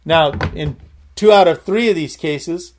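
Set against a slight hiss or hum, a man with a higher-than-average voice preaches at a measured pace. His sermon is emphatic: he addresses the congregation directly with repeated "Amen?" calls while restarting and repeating phrases to build toward his point.

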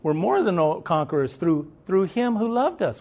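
Lively-pitched man preaching emphatically. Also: moderate pace, few pauses. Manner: emphatic, repetitive, conversational preaching. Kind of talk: sermon.

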